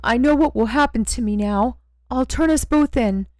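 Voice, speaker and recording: A woman's voice: on the high side, animated, unhurried, no room sound. A woman voicing a frightened, stammering young man with a split personality in an audiobook. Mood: pleading. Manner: stammering, pleading. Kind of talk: audiobook character reading.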